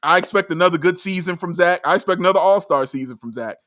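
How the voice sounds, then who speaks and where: A man co-hosting a sports podcast in casual chat, excitable and emphatic, often laughing. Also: sits high, fast, dry recording, clean studio sound. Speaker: podcast co-host.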